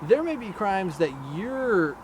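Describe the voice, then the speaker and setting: A man talks things through at an even, considered pace in a relaxed outdoor chat. His voice is slightly high. Passing cars and street noise come through clearly. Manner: measured, weighs both sides. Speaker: co-host.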